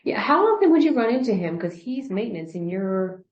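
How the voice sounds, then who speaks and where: A woman's voice: medium pitch, sing-song, brisk, a little mellow, roomy sound, dull audio. A woman interviewing an employee about a workplace incident, asking probing clarifying questions. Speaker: workplace investigator.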